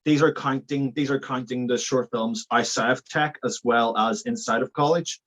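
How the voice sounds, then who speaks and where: A man's voice: medium pitch, steady tone, moderate pace, fairly bright tone. A young man with a Northern Irish accent, chatting casually as an interview guest, full of fillers and restarts. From Northern Ireland. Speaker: filmmaker guest.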